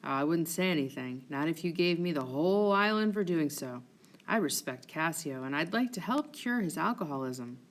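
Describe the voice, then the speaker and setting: A sly, scheming ensign, voiced by a woman reader. He sounds smooth and plausible, feigning innocence. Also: low voice, lively intonation, moderate pace, voice pushed down.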